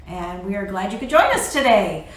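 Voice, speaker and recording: A woman's voice: mid-range voice, lively intonation, fairly quick, rough recording. A woman hosting a crafting podcast, opening the episode and reading out a giveaway winner. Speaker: podcast host.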